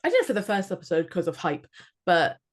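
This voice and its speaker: A woman's voice: fairly low pitch, sing-song, fast talker. A woman in her late thirties from Scotland, co-hosting a podcast in chatty, self-mocking casual talk. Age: 30s. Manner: chatty, laughs at herself, swears casually. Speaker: podcast co-host. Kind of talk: casual chat.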